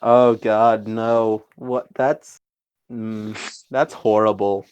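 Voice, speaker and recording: A young man hosting a relaxed podcast chat, unhurried and drawn out. He laughs often and plays up a goofy, exaggerated persona voice. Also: on the low side, smooth, lo-fi sound. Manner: adopts a deliberately exaggerated persona voice. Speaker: podcast host.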